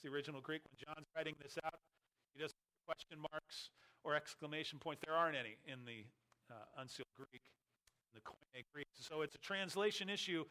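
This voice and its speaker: A man's voice: on the high side, pushed and bright. A man preaching an expository sermon as a pastor, emphatic and full of rhetorical questions.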